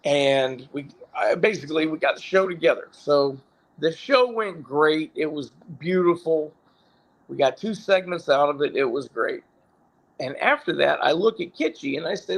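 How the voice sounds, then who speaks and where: A man's voice: on the high side, animated, normal speed, creaky. A middle-aged man, a former pro wrestler, telling stories casually with swearing and frequent self-corrections. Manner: rambling, profane, self-correcting. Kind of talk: casual storytelling.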